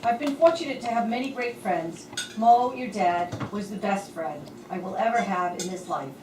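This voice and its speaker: A woman's voice: mid-range voice, background noise. Woman reading a eulogy in a hall. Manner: measured, earnest and heartfelt. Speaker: speaker reading a tribute at a memorial. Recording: echoey hall from far off.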